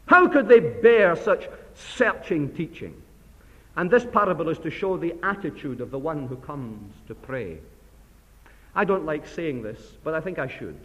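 Guy preaching in a church hall, big pitch swings, long echo tail, gets loud then drops quiet. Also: animated, unhurried. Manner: impassioned, swings from loud emphasis to hushed. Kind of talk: sermon.

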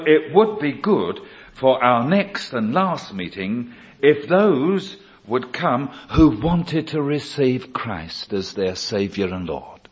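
A male preacher telling a conversion story in a sermon, quoting the people in it as he goes. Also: mid-range voice. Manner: slow storytelling, quoting others in dialogue. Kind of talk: sermon testimony. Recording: dull lo-fi recording.

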